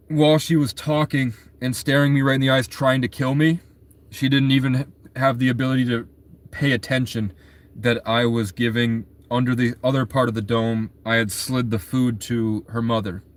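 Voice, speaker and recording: A man tells a vivid story in a loose, rambling way, leaning on filler words and restarting his sentences as he goes. His voice sits at a middle pitch. The telling is casual and unscripted. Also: steady tone, normal speed.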